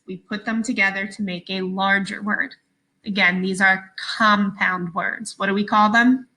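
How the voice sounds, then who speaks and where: A woman teaching a phonics lesson for small children, speaking slowly and patiently and sounding out each word with care. Her voice has a bright, clear ring, and her pitch sits at a middle height for a woman. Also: poor audio.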